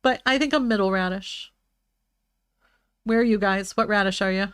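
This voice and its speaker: A woman's voice: medium pitch, moderate pace, a bit bright, smooth, dry recording, clean studio sound. A young woman streaming live, chatting casually and rambling with lots of fillers and restarts.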